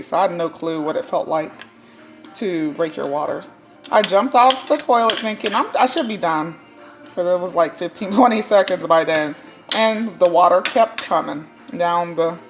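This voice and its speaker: Chatty woman storyteller in a kitchen. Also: fairly low pitch. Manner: animated, laughing, chatty. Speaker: dietitian sharing a personal story. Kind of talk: casual storytelling while cooking. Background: cooking clatter, faint music.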